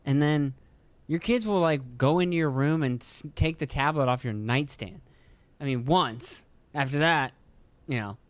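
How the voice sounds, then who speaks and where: A man's voice: fairly high pitch, no room sound. A young man hosting his own podcast, from rural Pennsylvania, talking in a casual, profane, joking ramble with a phlegmy throat. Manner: profane, joking, acts out his kids and himself in quick voices. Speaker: podcast host.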